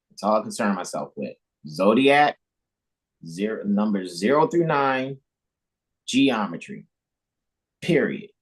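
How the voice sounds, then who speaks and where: A man's voice: a little mellow, breathy edge, low-quality recording. A man hosting an informal spiritual lecture, talking emphatically and repetitively, with many restarts and small chuckles. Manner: mimics imagined listeners in high mocking voices. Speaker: spiritual teacher hosting a devotional livestream.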